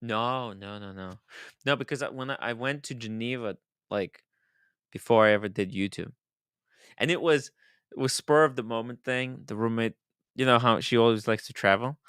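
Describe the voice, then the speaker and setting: A man hosting a casual livestream chat, his voice bright and crisp. He is animated, laughs a lot and drifts into quiet mumbles. The sound is close and dry. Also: mid-range voice, moderate pace, dry recording. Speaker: host.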